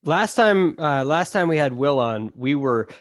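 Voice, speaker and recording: A man talks golf on a podcast in a relaxed, easygoing way. His voice sits at an ordinary pitch. The sound is dry and close. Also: measured pace, no echo. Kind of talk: casual podcast chat.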